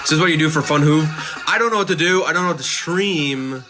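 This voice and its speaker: A man's voice: fairly high pitch, fast talker. A man livestreaming who reads viewer messages aloud and answers them in a sarcastic, jokey way, swearing often. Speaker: livestreamer reading chat. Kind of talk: casual livestream chat. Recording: music playing clearly behind.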